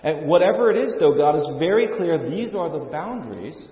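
A man's voice: a little high, big pitch swings, fairly quick. A male pastor preaching a sermon in an earnest way, often restarting and repeating words. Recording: echoey hall, dull lo-fi sound.

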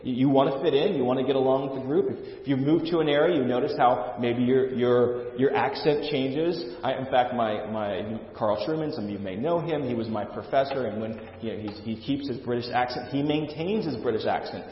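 A man's voice: mid-range voice, fairly quick, few pauses. A male pastor preaching a sermon in an earnest way, often restarting and repeating words. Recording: echoey hall, dull lo-fi sound.

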